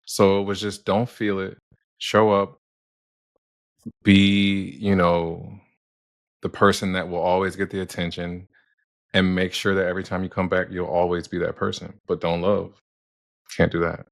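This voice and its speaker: A man speaking gently and reflectively, sharing his own past in a measured way. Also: low voice, level tone, gravelly, dry recording. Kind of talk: empathetic conversation.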